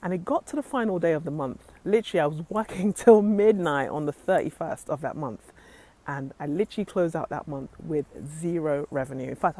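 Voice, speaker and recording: Speaking into a handheld phone camera, a motivational vlogger gives an earnest, faith-driven inspirational talk and says "literally" a lot. Her voice sits low and has a warm tone.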